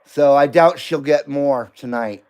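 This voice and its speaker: A man's voice: a little high, measured pace, darkish tone, smooth. A middle-aged man hosting a live stream, chatting casually, joking and laughing often as he reads comments.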